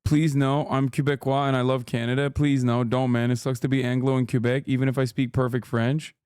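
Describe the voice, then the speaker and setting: A man's voice: mid-range voice, level tone, brisk, darkish tone, smooth, no echo, clean studio sound. A man streaming live, reacting in casual chat, incredulous and profane as he reads out chat messages.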